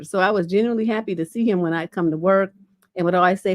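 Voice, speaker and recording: A woman's voice: mid-range voice, fast talker, dry recording, studio quality. A middle-aged woman relationship coach on a livestream, reading viewer questions aloud and answering them bluntly and casually, with a lingering cough. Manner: blunt, casual, peppered with "you know".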